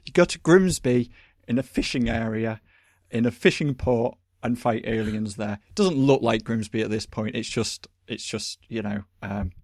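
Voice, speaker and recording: A man, chatting casually as a podcast host, rambling and animated with lots of fillers. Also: mid-range voice, moderate pace, dry recording, clean studio sound. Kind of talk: casual chat.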